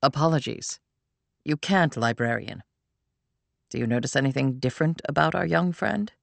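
A woman voicing a grave, protective male guardian who speaks in a calm, low, steady way. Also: normal speed, creaky, dry recording.

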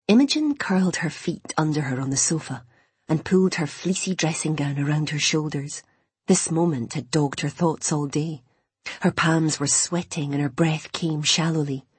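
Low, husky woman reading a novel. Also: no echo. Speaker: audiobook narrator. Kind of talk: scripted narration.

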